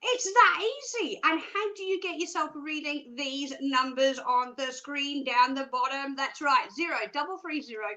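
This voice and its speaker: A bubbly young Australian woman hosts a live stream, chatty and full of jokey asides. Her voice is high and bright with a sharp edge. She presents with upbeat energy. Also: normal speed, few pauses, poor audio.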